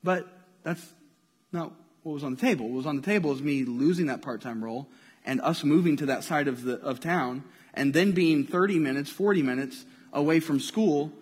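Husky preacher in a reverberant hall. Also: male voice, fairly high pitch, normal speed. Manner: animated storytelling, swings from loud to hushed. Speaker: pastor. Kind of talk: sermon. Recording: long reverb of a large hall.

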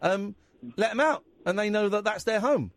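A man hosting a radio phone-in, self-deprecating and rambling, with quick jokey asides. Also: sits high. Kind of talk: late-night phone-in chat. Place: radio studio.

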